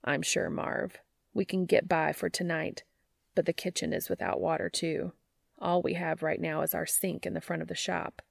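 A woman plays a weary young café manager, held-back and clipped, in a low, gravelly tone with close, dry sound. He stays polite through gritted patience in this story reading. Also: moderate pace, no echo. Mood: strained politeness.

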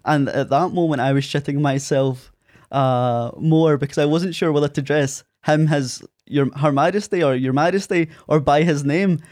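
A man's voice: on the high side, moderate pace, no echo, clean studio sound. A man in his thirties with an Ayrshire Scottish accent, a guest telling stories in a casual interview and acting out quotes in a raised voice. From Scotland. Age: 30s. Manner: animated storyteller, acts out quotes in a raised voice.

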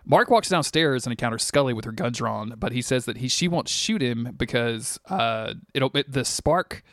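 A man co-hosting a podcast recaps a TV episode in loose, rambling chat, circling back on himself and cursing. His voice sits at an ordinary middle pitch. The recording is close and dry, with no room sound. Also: lively intonation, moderate pace, a bit bright, no room sound. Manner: rambling, laughing, frequent restarts and swearing. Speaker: podcast co-host.

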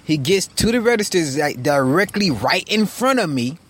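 Male podcast host, slightly high voice, frank and profane, animated storyteller, recording in a car. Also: normal speed, breathy edge. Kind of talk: casual storytelling monologue. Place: inside a parked car.

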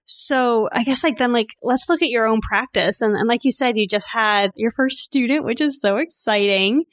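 A woman hosting a veterinary podcast, enthusiastic and speeding up as she gets excited. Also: fairly high pitch, moderate pace, dry recording, clean studio sound. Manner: enthusiastic, speeds up when excited, many "like" fillers. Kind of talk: casual podcast interview.

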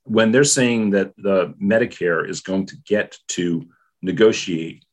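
A man giving his take on politics in a casual discussion, measured and thoughtful, with many pauses and fillers. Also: deep voice, a little mellow. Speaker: political commentator.

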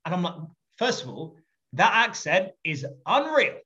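A man being interviewed as a podcast guest, telling anecdotes in a lively, jokey way with swearing and laughter, in a muffled lo-fi recording. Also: high voice, unhurried, noisy background.

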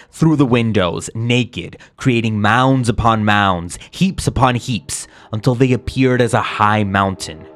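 Male narrator, lowish voice, grave and measured chronicle reading, faint music under. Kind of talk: solemn scripted reading of a historical chronicle.

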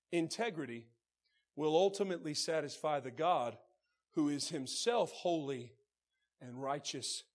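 A man preaching a sermon as pastor. He calls out to the congregation and swings from soft, low passages to shouted preaching.

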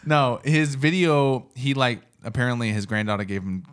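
A man's voice: mid-range voice, fairly even intonation, normal speed, clear, resonant tone. A young man co-hosting a casual talk show, speaking candidly with a joking, self-mocking manner. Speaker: podcast co-host. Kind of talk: casual chat.

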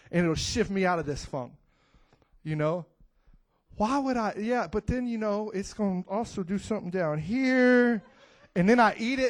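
A man preaching a lively sermon to his church, whooping and swinging between hushed lines and loud cries. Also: high-pitched. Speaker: pastor.

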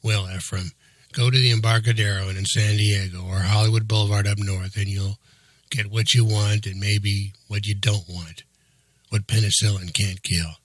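A man reading a wisecracking young radio tinkerer, husky and dry. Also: fairly low pitch, flat delivery, no echo. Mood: teasing. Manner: teasing, quick comebacks.

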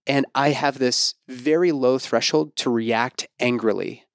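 Man, 30s, podcast host, confident, animated, dry close sound. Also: medium pitch, measured pace, vocal fry, dry recording. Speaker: podcast host and fertility coach. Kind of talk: casual interview chat.

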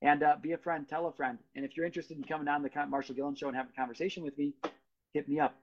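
A man hosts his own podcast from a studio, delivering a motivational solo monologue in an earnest, casual way. His voice sits on the high side with a level tone, and he talks very fast. The recording has a dull, lo-fi quality.

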